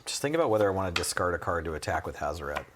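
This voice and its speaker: A man's voice: deep voice, sing-song, racing, noisy background. A man chatting casually as he plays a card game on a stream, explaining each rule step by step and laughing easily. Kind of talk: casual chat while playing a card game.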